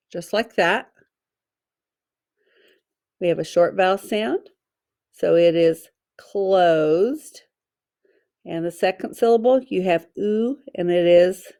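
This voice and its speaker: Slow, careful woman teaching phonics. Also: fairly low pitch, warm tone. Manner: slow, careful, sounding out letters and syllables. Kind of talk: phonics lesson for children.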